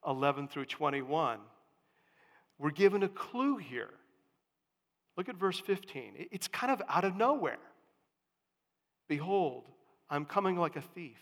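A male pastor preaching a sermon, dropping to hushed lines and then rising to booming proclamations. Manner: dramatic swings from hushed to booming. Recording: long church reverb.

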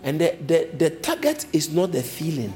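A man preaching a sermon as a pastor, switching between low explanations and sudden high emphatic lines. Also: normal speed, faint music behind. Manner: animated preaching, jumping to high emphatic pitch.

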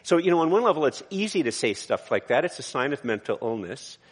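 A man's voice: mid-range voice, big pitch swings, fast talker, breathy edge, in a large hall. A man, a pastor, preaching a conversational sermon in a church, with frequent restarts and asides.

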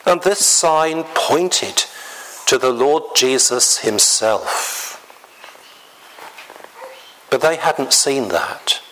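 A man preaching a sermon in a slow, deliberate way, often clearing his throat. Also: medium pitch, lively intonation, bright, forceful tone, slight background noise, poor audio.

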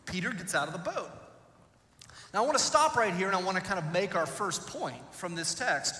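Bright-voiced preacher man in an echoey hall. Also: high voice, lively intonation, brisk, a little hiss or hum. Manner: storytelling, dramatic swings in loudness. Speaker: pastor. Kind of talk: sermon. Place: church.

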